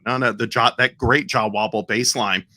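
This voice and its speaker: A man's voice: medium pitch, moderate pace, no echo. A man co-hosting a casual music show, explaining his song pick with enthusiasm and plenty of fillers. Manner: enthusiastic, animated storytelling with fillers. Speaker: podcast co-host.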